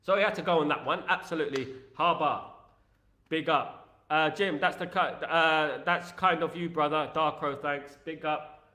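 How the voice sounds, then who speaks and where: Animated man, echoey room. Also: on the high side, normal speed. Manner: animated, rambling, emphatic, British slang. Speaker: football podcast host. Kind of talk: live-stream chat reading viewer comments.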